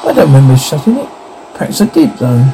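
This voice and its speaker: A man's voice: on the high side, sing-song, fast, warm tone, a little hiss or hum, low-quality recording. A man reading the lines of a nervous, hesitant young man in a storybook, faltering and unsure. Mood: uneasy. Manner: faltering and uncertain.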